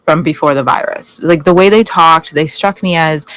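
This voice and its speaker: Low-voiced woman, animated fan panelist. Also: moderate pace, no room sound. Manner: animated, acts out characters with laughter. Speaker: podcast panelist. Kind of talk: casual chat.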